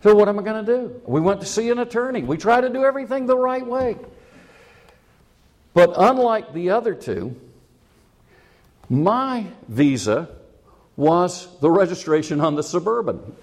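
A man's voice: high-pitched, very animated, unhurried, pauses often. A male preacher with a slightly raised voice that swoops up and down as he talks. He tells a story from his own life in a chatty, self-mocking way. He often chuckles at his own jokes before he turns to the lesson. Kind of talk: sermon with a personal story.

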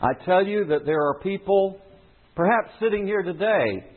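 A male preacher gives an earnest, emphatic sermon in a slightly high voice. His tone is husky, and the recording is tinny and phone-like. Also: animated, normal speed.

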